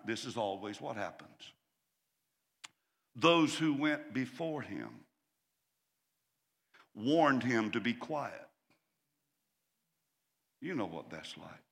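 A man's voice: medium pitch, very animated, takes it slowly, gravelly, long pauses. Passionate preacher man in a reverberant hall. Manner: impassioned preaching that swells to loud cries. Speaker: pastor. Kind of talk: sermon.

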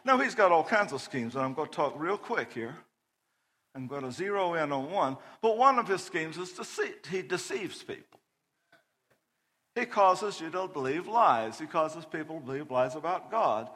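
A middle-aged man preaching a sermon, telling a personal story loudly and animatedly, often laughing. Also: high voice, big-room sound. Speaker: pastor.

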